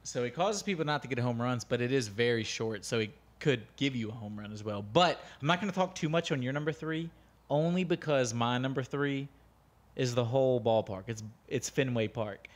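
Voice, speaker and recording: A man's voice: mid-range voice, brisk. An American man co-hosting a podcast, blunt and opinionated, swearing freely in casual chat. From United States. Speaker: podcast co-host.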